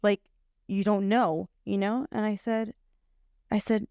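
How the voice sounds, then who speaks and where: A young woman telling a personal story as a podcast guest, halting, with many fillers and restarts. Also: medium pitch, fairly even intonation, warm tone, clear, resonant tone, no room sound, studio quality. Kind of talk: personal testimony in conversation.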